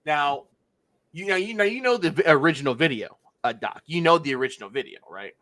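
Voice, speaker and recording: A man's voice: a little high, lively intonation, brisk, a bit bright, no room sound. A man from Pennsylvania hosting a casual livestream, walking through a legal filing and skipping the boilerplate. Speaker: livestream host.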